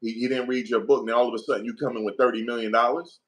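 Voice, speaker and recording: A man's voice: medium pitch, level tone, racing. A middle-aged man, giving heated opinion commentary in an emphatic, profane, repetitive rant.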